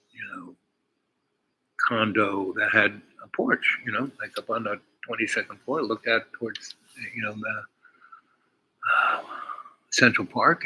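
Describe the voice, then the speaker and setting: Give me an older man with a low, forceful voice, rambling through an anecdote. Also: slight background noise, rough recording. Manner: meandering, full of fillers and asides. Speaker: storyteller.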